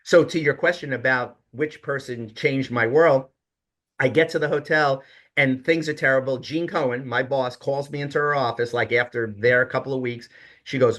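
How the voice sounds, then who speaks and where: A man's voice: medium pitch, moderate pace. A middle-aged man, a hotel executive, telling stories casually in an interview and acting out what others said. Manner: animated storyteller, quotes others with emphasis.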